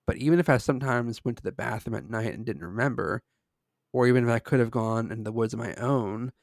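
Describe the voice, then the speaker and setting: A man reads a first-person horror story in an earnest voice with small slips. His voice is gravelly at a middle pitch. It is recorded dry and close to the mic. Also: fast talker, no echo. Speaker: story reader.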